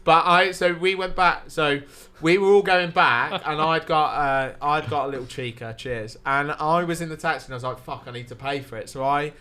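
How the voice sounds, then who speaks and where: A man's voice: on the high side, steady tone, moderate pace, hardly any pauses, bright, forceful tone, clean tone. A man, a podcast guest telling a rambling night-out story with swearing and laughter. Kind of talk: casual storytelling.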